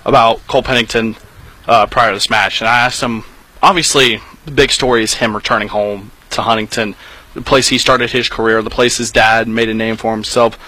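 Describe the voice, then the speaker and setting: A man's voice: mid-range voice, fairly even intonation, fairly quick, bright, forceful tone, low-quality recording. A man on a postgame football show, giving emphatic analysis in long, building runs. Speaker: sideline reporter on a postgame show.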